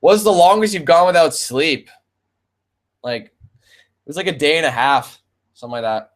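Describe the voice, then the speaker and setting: His voice is fairly high and his pace is normal as this Canadian man in his twenties answers questions from his gaming audience. It's a loose, cursing chat, and he calls viewers "man" and "bro" in a laid-back way.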